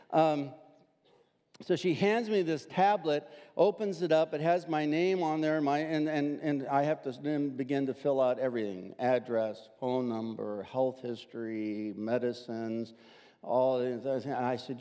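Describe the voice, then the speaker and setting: An older man, a pastor, telling a personal story in a sermon, animated and acting out the voices he quotes. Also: mid-range voice, long reverb tail.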